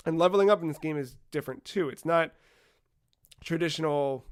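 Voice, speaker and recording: A man co-hosting a casual gaming podcast, retelling game scenes with lively acted-out dialogue and casual swearing. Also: fairly high pitch, a little fast, smooth. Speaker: podcast co-host.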